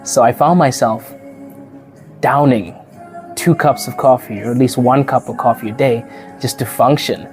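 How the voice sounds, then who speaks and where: A man's voice: medium pitch, moderate pace, long pauses, faint music behind. A man from Africa who hosts a podcast, chatting casually to the camera, laughing often and acting out the people he quotes. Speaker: podcast host and teacher.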